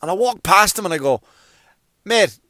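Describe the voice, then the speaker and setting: A man's voice: high-pitched, quick pace, no echo. A man hosting a comedy podcast, telling a rambling story and acting out the quoted lines. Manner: rambling, animated retelling with acted-out quotes. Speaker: podcast host. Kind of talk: casual comic storytelling.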